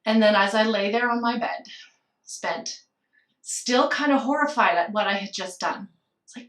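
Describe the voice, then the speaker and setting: A middle-aged woman, a podcast guest, telling a personal story candidly and with emotion, slowing down and laughing softly at times. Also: medium pitch, echoey room, far from the mic. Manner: candid and emotional, with soft laughs and slowed phrases.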